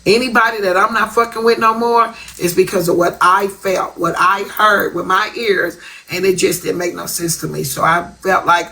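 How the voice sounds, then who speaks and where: A woman's voice: mid-range voice, fairly even intonation, moderate pace, creaky, few pauses, bright, forceful tone, rough recording. A woman talking bluntly on a live stream, repeating herself for emphasis. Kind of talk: casual live-stream chat.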